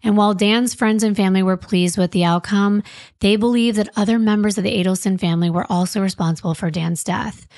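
A woman's voice: mid-range voice, fairly even intonation, a little fast, a little mellow, no echo, clean studio sound. Wry woman true crime podcast host. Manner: wry, sarcastic.

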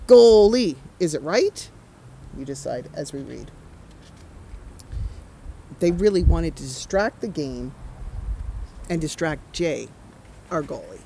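A Canadian author reads her picture book aloud for a children's storytime, adding animated, chatty asides for the young listeners. Her voice is lowish, and the rough recording carries slight background noise.

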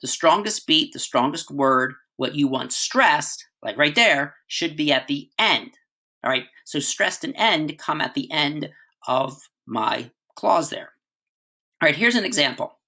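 A middle-aged male teacher with a bright, forward voice, talking through a writing lesson. He keeps it casual and conversational, pausing to check in with his listeners. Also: a little high, lively intonation, vocal fry. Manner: conversational, frequent "right?" and "all right" checks.

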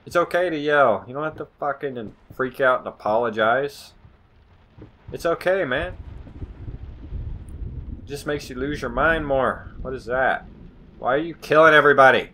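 A man doing sarcastic, foul-mouthed commentary while playing a horror video game and yelling at it. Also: mid-range voice, normal speed, pauses often. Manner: sarcastic, swears often, yells at the game. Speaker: gamer. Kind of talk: horror let's play commentary.

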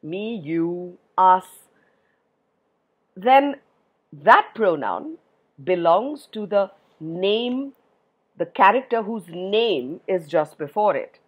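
Husky, expressive woman reading to kids. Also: medium pitch, very slow, pauses often, muffled recording. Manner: expressive, asks listeners questions. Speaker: storyteller for children. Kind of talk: reading a poem aloud to children.

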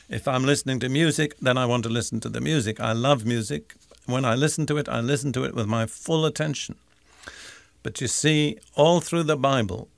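An older man teaching the Bible in a deliberate, emphatic sermon style, repeating key phrases. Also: medium pitch, gravelly, no echo.

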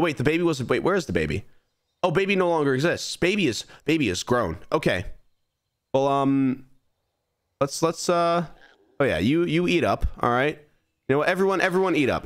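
Lively young male streamer. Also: on the high side, a little fast. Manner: animated, bossing his game creatures around. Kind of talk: live gameplay commentary.

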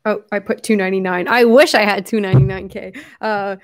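A woman's voice: mid-range voice, fairly even intonation, fairly quick, hardly any pauses. A young woman hosting her own livestream, chatting casually and rambling with frequent fillers and laughs.

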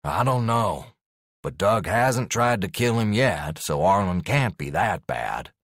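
A man's voice: on the low side, big pitch swings, takes it slowly, fairly bright tone, dry recording, clean studio sound, heavily acted. A man voicing a bitter young man who speaks with grudging sarcasm in an audiobook. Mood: sarcastic.

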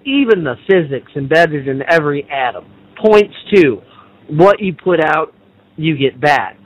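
A man's voice: a little high, poor audio. A man on a talk radio show, earnestly explaining his spiritual views in a lecturing way. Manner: earnest, lecturing, mocks others in exaggerated voices.

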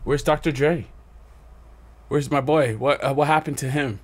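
A man hosting a reaction video, talking casually, excitable and quick to laugh. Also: fairly high pitch. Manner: excitable, laughs often, animated outbursts. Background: hip hop music playing.

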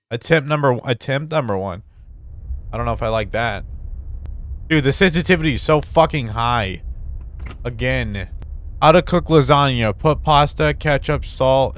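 A man's voice: medium pitch, fairly bright tone, a little hiss or hum. Jumpy young man playing horror games. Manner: jumpy, swearing, nervous laughter, talks to game characters. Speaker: gaming YouTuber. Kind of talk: horror game let's play commentary.

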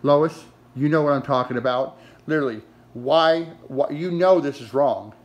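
A man's voice: medium pitch, moderate pace, muffled recording. A man scolding his dog in a mock-stern, exasperated, sarcastic way, talking to it like a person.

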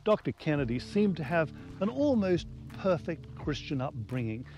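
A man giving scripted documentary narration in a measured, earnest way. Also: fairly high pitch, a little mellow.

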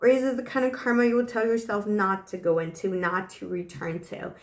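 Speaking to camera, a woman gives a casual tarot reading, chatty and affectionate, dropping fillers like "you know" and sounding a little short of breath. Her voice sits at medium pitch with little pitch movement, moves fairly quickly, and rings in a reverberant space.

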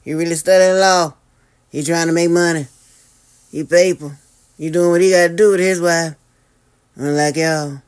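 A host giving sassy gossip commentary, drawling and teasing, with sudden high squeals and long hums. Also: steady tone, moderate pace, pauses often, clear, resonant tone.

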